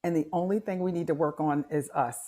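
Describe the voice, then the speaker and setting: A woman's voice: deep voice, fairly even intonation, fast, warm tone. A woman on a video call, chatting effusively and with enthusiasm in casual conversation. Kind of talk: casual chat.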